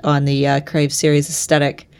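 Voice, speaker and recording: A woman's voice: sits low, completely flat delivery, moderate pace, a little mellow, clean tone. A young woman co-hosting a podcast, chatting casually about a book, often laughing and trailing off mid-sentence. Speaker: podcast co-host. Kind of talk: casual book discussion chat.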